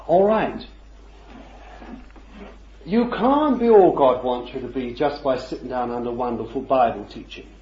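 A man's voice: mid-range voice, animated, unhurried, pauses often. A man preaching a sermon, talking conversationally and peppering it with rhetorical questions and chuckles. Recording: roomy, dull lo-fi recording.

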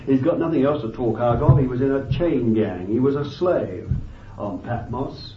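Guy preaching in a church hall, gets loud then goes quiet, lots of "you see", sounds far off and kind of muffled. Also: medium pitch, moderate pace, background noise. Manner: fervent, swings between loud emphasis and quiet asides; thinks aloud with restarts and "you see". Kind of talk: sermon. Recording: dull, lo-fi, echoey and off-mic.

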